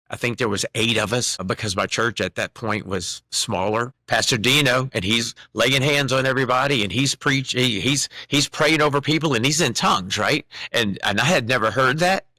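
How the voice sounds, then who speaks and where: A middle-aged man telling an animated personal story as a podcast guest, acting out the voices of the people in it. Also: mid-range voice, no echo. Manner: animated testimony with quoted dialogue. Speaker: guest singer-songwriter.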